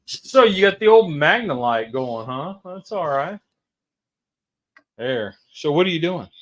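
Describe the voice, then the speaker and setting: A man's voice: on the high side, very animated, a little slow. A middle-aged man hosting a casual livestream, rambling and chatty as he talks to viewers and family. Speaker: livestream host and home cook. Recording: dull, distant mic.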